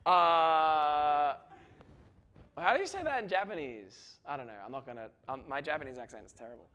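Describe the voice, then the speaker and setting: A man's voice: on the high side, lively intonation, moderate pace, pushed and bright, dull audio. A man giving a university physics lecture, chatty and joking, checking in with "right?" as he works through equations. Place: lecture hall.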